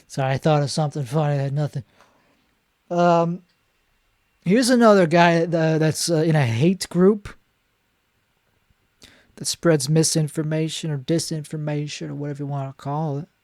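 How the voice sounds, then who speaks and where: A male comedian in a solo monologue, rambling in a deadpan way and correcting himself mid-sentence. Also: fairly high pitch, normal speed, long pauses, dry recording, studio quality.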